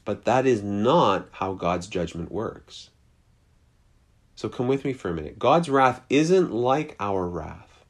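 A man preaching a sermon, emphatic, repeating his phrases and swinging between loud stresses and hushed asides. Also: fairly low pitch, animated, slow. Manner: repeats phrases, some stumbles. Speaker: pastor.

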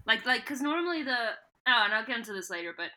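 Bright giggly woman podcast host. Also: a little high, sing-song, fast talker. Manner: giggly, profane, acts out lines in put-on voices. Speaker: podcast co-host recapping a book. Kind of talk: casual comedic chat.

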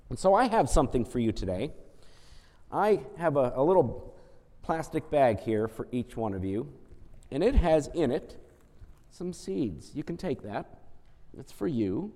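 A man leading a children's message during a church service, talking gently and coaxingly as he tells a story to the kids. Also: medium pitch, sing-song, a little slow, pauses often. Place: church sanctuary. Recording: church service audio with long hall reverb.

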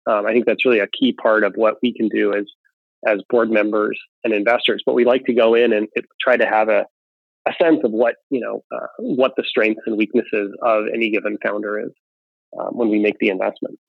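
A man answers interview questions in a measured, analytical way, pausing on fillers as he works through ideas. His voice comes through a thin, phone-like line with no room sound. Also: fairly low pitch, flat delivery, gravelly, dry recording. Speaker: venture capital investor. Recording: tinny phone-like line, dry.

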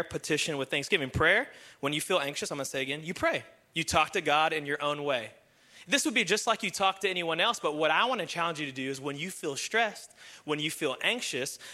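A young male pastor preaching with a bright, forceful, high-set voice. He tells stories animatedly, cracks jokes and slips into excited impressions of the people in them. His tone stays lively and casual even as he gives application. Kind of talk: sermon with storytelling.

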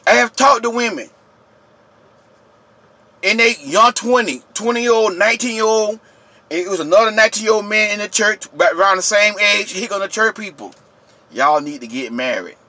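A man rants to his viewers, preachy and repetitive. He yells in a high, bright voice. The recording is dry and close. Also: moderate pace, dry recording. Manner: yelling, preachy, repetitive, addresses viewers directly. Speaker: channel host. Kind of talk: impassioned vlog rant.

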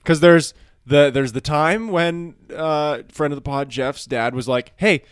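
A man's voice: on the high side, measured pace, clear, resonant tone, no echo, clean studio sound. A young man co-hosting a podcast, joking and laughing through casual banter. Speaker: podcast co-host.

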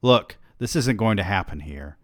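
A man's voice: fairly low pitch, animated, moderate pace, fairly bright tone, dry recording, clean studio sound. A man putting on a wary, teasing young woman.

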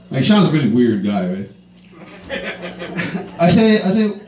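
Young male comic, profane rambling stand-up, animated delivery, roomy distant sound. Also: on the high side, slow pace, long pauses. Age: 20s. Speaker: stand-up comedian. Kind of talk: stand-up comedy set. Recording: roomy, distant mic, faint ambience.

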